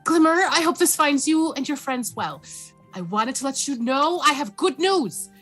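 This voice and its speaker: A man's voice: extremely high pitch, lively intonation, moderate pace, sharp tone, soft background music, pitched above the performer's own voice, exaggerated voice. A woman voicing a rambling, scholarly father who rambles, corrects himself and apologizes in a recorded magical message. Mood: chatty.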